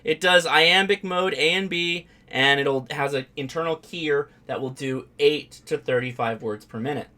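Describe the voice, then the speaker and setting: A man's voice: fairly high pitch, normal speed, hardly any pauses, sharp tone. A man hosting a ham radio live stream, chatting casually and rambling with fillers and restarts.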